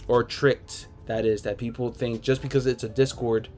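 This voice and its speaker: A man's voice: mid-range voice, little pitch movement, normal speed, a little mellow, soft background music. A man hosting a casual livestream, reading viewer comments aloud and answering them in a laid-back, rambling way from home. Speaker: sneaker livestream host. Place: home room.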